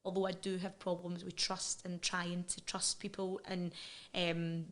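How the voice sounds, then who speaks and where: A woman's voice: lowish voice, flat delivery, a little slow. A Scottish woman in her thirties, guest on a podcast, recounting personal experiences frankly and with feeling, often restarting her sentences. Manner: frank and emotional, with frequent restarts. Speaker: interview guest. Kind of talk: candid personal interview.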